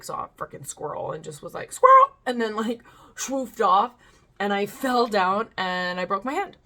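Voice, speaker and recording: A woman's voice: lowish voice, a bit bright. A woman hosting her own channel, chatting casually in a rambling way, swearing now and then, and reading stories aloud.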